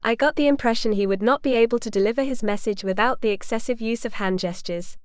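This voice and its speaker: A woman narrating a first-person audiobook in a wry, expressive storytelling manner. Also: on the high side, quick pace, clear, resonant tone, dry recording, studio quality.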